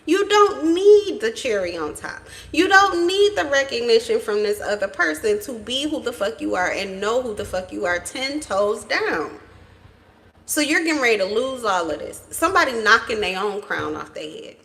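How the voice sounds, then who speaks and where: A woman's voice: a little high, big pitch swings, moderate pace, gravelly, a bit bright. Blunt, profane woman giving a tarot reading. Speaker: tarot reader. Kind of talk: casual tarot reading vlog.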